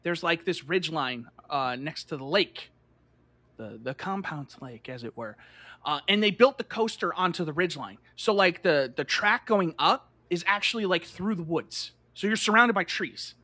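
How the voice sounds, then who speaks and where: A man with a high, bright voice telling a story in casual chat, animated and peppered with "like". He often slips into acted-out voices, and the sound is close and dry. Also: normal speed, dry recording. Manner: animated, fillers of "like", acts out voices.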